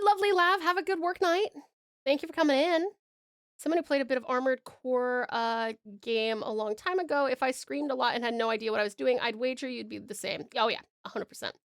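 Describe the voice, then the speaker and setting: A woman's voice: high-pitched, a bit bright, no room sound, studio quality. A young Australian woman streaming while she draws, reading chat aloud and chatting in a bubbly, giggly way. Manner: bubbly, giggly, greets viewers with pet names.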